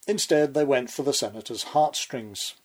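A man's voice: mid-range voice, normal speed. A man delivering a scripted political commentary monologue with sardonic, sarcastic asides.

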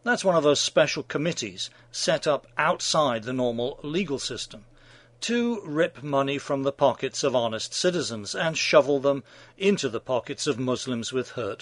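A man's voice: mid-range voice, dry recording. A man delivering scripted opinion commentary in a sardonic, mocking manner.

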